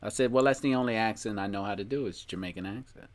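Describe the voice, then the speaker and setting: A man's voice: fairly low pitch, fast talker. Laid-back man hosting a casual podcast. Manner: laid-back, rambling, laughs often. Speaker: podcast host. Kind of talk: casual chat.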